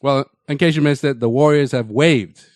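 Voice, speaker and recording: A man's voice: medium pitch, moderate pace, a little mellow, no room sound, studio quality. A man co-hosting a sports podcast, wry and questioning in casual chat. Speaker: podcast co-host.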